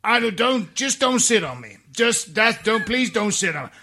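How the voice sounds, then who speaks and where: A man doing a brash, cocky footballer voice, shouting profane boasts in a high, loud voice. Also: big pitch swings, moderate pace, exaggerated voice. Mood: swaggering. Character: brash swaggering footballer reading his own email, man.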